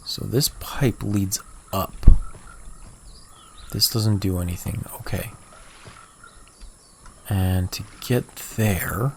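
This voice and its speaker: Male game streamer, lowish voice, relaxed think-aloud chatter to chat, slight cough. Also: extremely slow, creaky, long pauses, slight background noise. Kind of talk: casual livestream chat.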